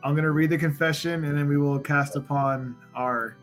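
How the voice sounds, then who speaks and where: A man's voice: on the high side, steady tone, moderate pace, faint music behind. A man hosting a podcast, introducing segments and reading out a listener confession in an upbeat, joking way. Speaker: podcast host and producer.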